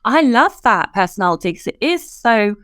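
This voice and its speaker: A woman's voice: fairly high pitch, sing-song, normal speed, a bit bright, clean tone, dry recording, clean studio sound. A woman hosting an interview, responding in an encouraging, affirming way. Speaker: interview host. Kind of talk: conversational interview.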